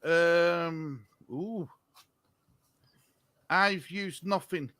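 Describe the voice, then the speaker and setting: Male co-host, casual and chatty, flustered; high, bright, dry sound. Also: extremely slow, smooth, no echo. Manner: flustered by tech, chatty with viewers. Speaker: stream co-host. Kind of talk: casual live-stream chat.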